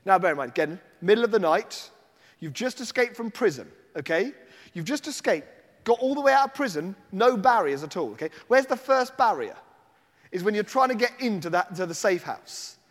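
A male preacher with a high, bright voice that leaps up and down as he animates the story. He tells it vividly, with a long reverb from a big hall behind his words. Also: animated, normal speed. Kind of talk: sermon.

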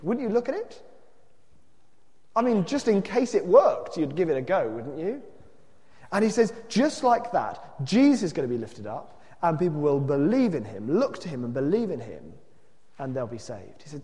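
A man preaching in a fairly high, lively voice that swings widely. He reads the story expressively, dropping to a hush at moments. His voice rings in a large hall with a long reverb. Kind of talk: sermon with a read-aloud story.

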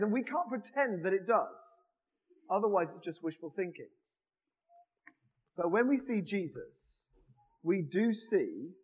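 Man, high voice, animated conversational sermon, church, long echoing reverb. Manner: animated, jokes with the congregation. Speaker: preacher.

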